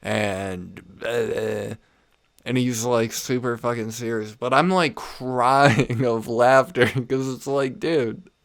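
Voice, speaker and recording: Recorded at studio quality with no echo, this young podcast host talks slowly and steadily at a medium pitch from his home room. His casual comedy show is a profane, rambling rant, broken up by frequent laughter at his own tales.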